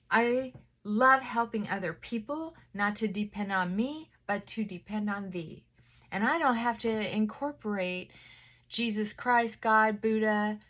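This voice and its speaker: A woman talks to her camera while getting ready at the mirror one morning at home, casually coaching herself in a reflective way. Speaking at a medium pitch, she toggles between brisk, pressing speech and a hushed, softened tone that occasionally nears a whisper.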